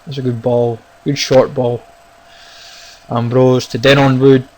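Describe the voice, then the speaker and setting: A man giving casual, excitable commentary on his own football video game, talking to viewers as guys and lads. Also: medium pitch, unhurried, rough recording. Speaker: gaming YouTuber. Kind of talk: casual live gameplay commentary.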